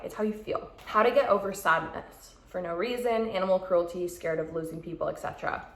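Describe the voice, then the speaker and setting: A woman's voice: medium pitch, a little fast, hardly any pauses. A young woman vlogger giving frank, chatty advice and acting out quoted thoughts. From Canada. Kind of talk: casual advice chat. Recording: roomy echo.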